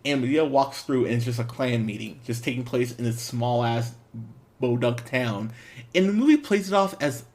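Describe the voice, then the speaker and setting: Animated man rambling through a movie review. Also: mid-range voice, normal speed. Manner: rambling, animated, laughs often, fillers and restarts. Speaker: podcast host, movie reviewer. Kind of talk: casual spoken movie review.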